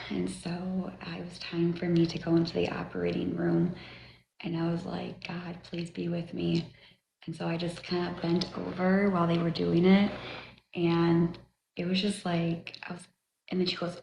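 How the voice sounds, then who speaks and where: A middle-aged woman livestreaming, chatting and rambling as she tells a personal story, swearing freely and often dropping to a breathy near-whisper. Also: on the low side, moderate pace, a little mellow. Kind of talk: casual storytelling to viewers. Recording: echoey room with faint noise.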